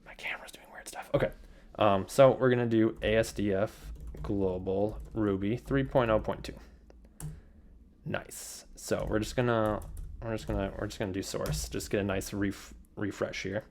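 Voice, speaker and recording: A man's voice: lowish voice, steady tone, moderate pace, a little mellow, slight background noise. A young man walking through his computer setup in a casual, rambling screencast, with lots of fillers and repeated words. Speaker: software developer demonstrating his setup.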